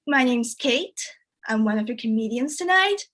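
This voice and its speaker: A woman performing a stand-up comedy set, whose first language is Chinese, telling jokes in a deadpan way and jumping much higher when she quotes people. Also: normal speed. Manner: deadpan delivery, jumps high for quoted voices.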